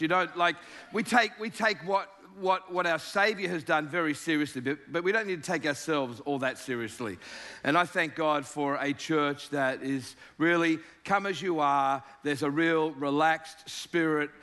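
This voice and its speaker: A man's voice: a little high, bright, forceful tone. An Australian man in his fifties, a guest preacher giving a jovial, joking sermon to a church crowd.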